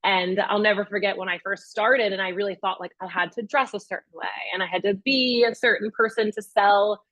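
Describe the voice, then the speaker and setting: With a mid-range voice and a slightly fast pace, the young adult real estate agent animatedly tells a master class a personal story, quoting herself and others. The recording sounds dry.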